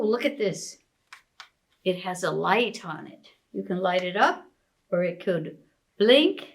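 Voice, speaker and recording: A woman librarian reading a picture book aloud to young children, expressive and asking them questions. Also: a little high, rough recording. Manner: slow, sing-song, expressive, asks children questions. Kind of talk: preschool storytime reading.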